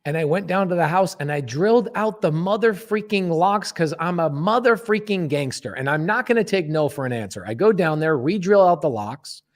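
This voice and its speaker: Fired-up podcast guy telling a story, cusses a lot, kinda high pitched. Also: lively intonation, normal speed, few pauses. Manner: emphatic, blunt, swears freely. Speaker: podcast host. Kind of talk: casual storytelling.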